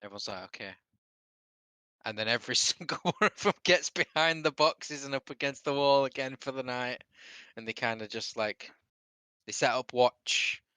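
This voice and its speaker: Male game master, rambling casual narration, bright tone. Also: medium pitch, normal speed, clean tone, dry recording. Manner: loose, rambling narration with fillers and laughter.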